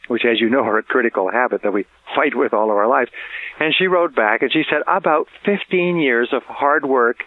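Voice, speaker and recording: A man's voice: medium pitch, dry recording. A middle-aged man giving an earnest talk on parenting, repeating key words for emphasis and chuckling at his own stories. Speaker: motivational speaker. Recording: tinny phone-like audio.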